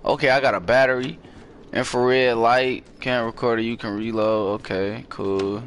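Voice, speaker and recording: A young man giving profane, excitable horror gameplay commentary, jumping into screams and then downplaying it. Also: mid-range voice, moderate pace, slight background noise. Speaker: gaming streamer.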